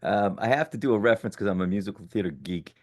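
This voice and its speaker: A man in his sixties, a podcast guest telling his story casually, animated and often correcting himself mid-sentence. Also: fairly low pitch, fast. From born in Italy, raised in the United States. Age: 60s.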